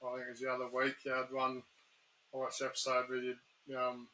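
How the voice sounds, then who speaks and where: A man with an Australian accent hosting a casual chat, easygoing and hesitant, often filling pauses with "um". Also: medium pitch, monotone, pushed and bright, a little hiss or hum, low-quality recording. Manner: easygoing, hesitant, many ums. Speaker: podcast host.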